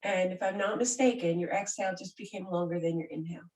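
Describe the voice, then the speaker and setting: Calm woman guiding yoga in a roomy space. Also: lowish voice, quick pace. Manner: calm, gentle, soothing guidance. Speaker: yoga teacher. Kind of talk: guided yoga and breathing class. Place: room where she does yoga on a mat. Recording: roomy sound from a distant mic.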